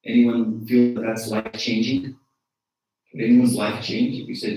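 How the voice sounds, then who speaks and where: A man's voice: medium pitch, level tone, moderate pace, darkish tone, far from the mic. Man preaching in an echoey church. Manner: engages the congregation with frequent rhetorical questions. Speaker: archdeacon preaching. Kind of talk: conversational sermon.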